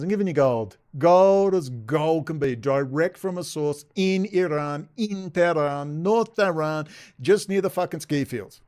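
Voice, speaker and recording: A man's voice: a little high, unhurried, darkish tone, clean tone. A man from Australia, telling a rambling, profane, agitated story straight to camera. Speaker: vlogger.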